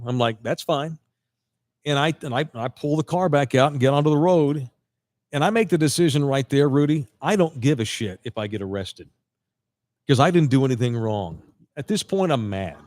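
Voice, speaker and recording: A man's voice: medium pitch, normal speed, dry recording, studio quality. A man hosting a podcast, telling a long story in casual chat, acting out both sides of the conversation with lots of restarts. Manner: animated storyteller quoting others, frequent restarts. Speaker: podcast host.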